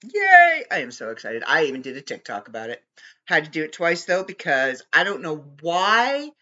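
A woman hosting her own podcast in casual chat, animated and playfully bickering with someone off-mic. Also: low-pitched, fairly quick, highs cut off. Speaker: podcast host.

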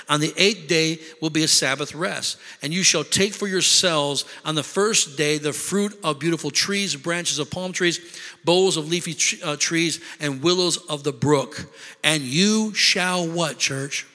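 A man preaching a sermon as pastor, moving from measured scripture reading to shouted calls for the congregation to rejoice. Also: fairly high pitch. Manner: builds from measured teaching to shouted exhortation. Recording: long hall reverb.

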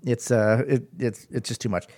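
A man's voice: mid-range voice, steady tone, moderate pace, a little mellow. A man hosting his own podcast in a casual solo monologue, chatty and amused, often trailing off and restarting. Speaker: podcast host.

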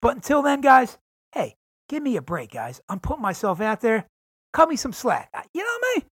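A man's voice: extremely high pitch, wildly swooping pitch, a little fast, fairly bright tone, husky, no echo, studio quality. A man talking alone on his podcast, hyped and profane, calling his listeners "guys" again and again. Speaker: podcast host. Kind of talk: casual solo podcast monologue. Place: home in San Diego.

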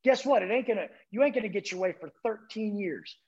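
A man's voice: high-pitched, lively intonation, fairly quick, darkish tone, dull audio. A man guest on a podcast giving an intense, blunt, profane motivational talk.

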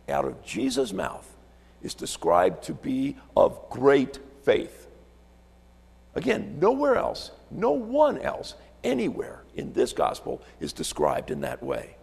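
A man's voice: mid-range voice, wildly swooping pitch, slow, gravelly, darkish tone, slightly rough, in a large hall. A man preaching a sermon as a visiting pastor from Alaska, telling stories, repeating words and asking rhetorical questions in a church sanctuary.

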